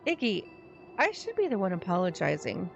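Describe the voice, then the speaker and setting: A woman streamer reading the lines of an earnest, kind-hearted boy from a story game, gentle and sincere. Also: fairly low pitch, wildly swooping pitch, moderate pace, creaky, lo-fi sound, soft background music, exaggerated voice.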